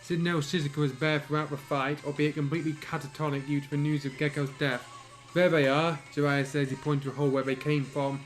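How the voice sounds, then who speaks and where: Man narrating a fan story, halting. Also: a little high, little pitch movement, faint music behind. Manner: halting, with stumbles and throat-clearing. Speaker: reader.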